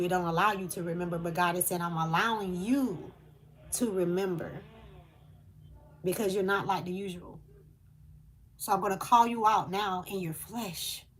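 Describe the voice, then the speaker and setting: A woman's voice: fairly low pitch, slight background noise. A woman speaking, delivering a channeled spiritual message in an earnest, emotional way with hesitant fillers.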